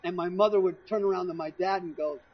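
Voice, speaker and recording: A middle-aged man preaching, telling a lively personal story from the pulpit and acting out what his family said. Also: high voice, fast talker, noisy background. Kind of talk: sermon testimony storytelling. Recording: dull lo-fi recording.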